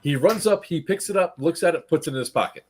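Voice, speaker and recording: A man recounting an airsoft-style event to friends in casual chat, laughing often and acting out what the players yelled. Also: a little high, animated, fast, slight background noise. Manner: laughing storyteller, acts out players' lines. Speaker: event organizer recapping a game. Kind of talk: casual group chat recap.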